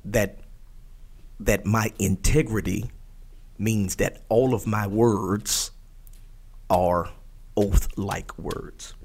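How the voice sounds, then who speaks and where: Man, low husky voice, folksy podcast co-host who leans on his points. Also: fairly even intonation, very slow, long pauses, a little mellow. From Port Arthur, Texas. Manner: folksy, emphatic, wordplay-loving. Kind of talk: casual faith podcast chat.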